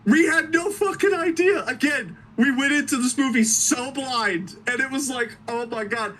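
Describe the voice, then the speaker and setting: Male podcast co-host, high bright voice, swearing storyteller, mic set back. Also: normal speed, distant mic, poor audio. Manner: animated, swearing, laughing storyteller. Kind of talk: excited casual movie chat.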